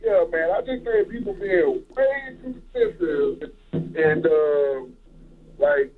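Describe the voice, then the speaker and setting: A man's voice: a little high, takes it slowly, a little hiss or hum. Laid-back male caller on the phone. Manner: laid-back, casual slang. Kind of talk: call-in comment. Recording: tinny phone line.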